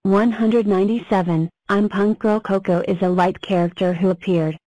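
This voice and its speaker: Cartoon number block, female voice, mid pitch, dry, even delivery. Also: normal speed, dry recording, natural voice, rough recording. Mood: plain. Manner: flat, even self-introductions. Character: cheerful talking number block.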